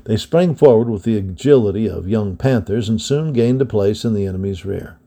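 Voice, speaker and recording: A man reading an adventure story aloud with steady, dramatic storytelling. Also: lowish voice, moderate pace. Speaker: storybook reader. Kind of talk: scripted narration of an adventure story.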